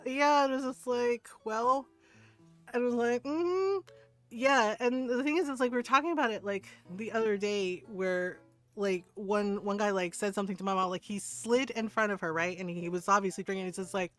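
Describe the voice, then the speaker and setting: A woman's voice: medium pitch, steady tone, normal speed, a bit bright, soft background music. A woman livestreamer chatting casually with her viewers, answering chat and telling stories with frequent laughs.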